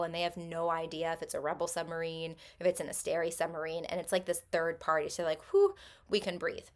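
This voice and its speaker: A woman summarizing a novel's plot for her viewers in a loose, conversational way. Her voice sits a little low, and she fills her sentences with ums and likes as she goes. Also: a bit bright. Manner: chatty, many ums and likes. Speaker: book vlogger. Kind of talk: casual book recap.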